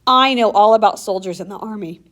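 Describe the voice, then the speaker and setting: A woman reads as a young girl who prattles on in a bright, raised voice, all feigned innocence. The words tumble out quickly, nervous underneath, as she keeps up her distracting story. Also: medium pitch, close to an everyday voice. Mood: coy. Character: quick-witted young girl chattering to stall guards.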